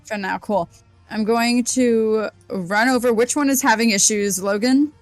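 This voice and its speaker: A woman's voice: on the high side, measured pace, no room sound, soft background music. A woman playing a tabletop game, chatty and laughing, who swears freely. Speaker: player. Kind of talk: casual tabletop play.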